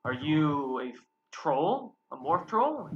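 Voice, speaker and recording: A man's voice: on the high side, big pitch swings, slow, a bit bright, heavily acted. Man voicing a muscular half-illithid guard, formal, commanding, slightly muffled audio, faint hiss. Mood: stern.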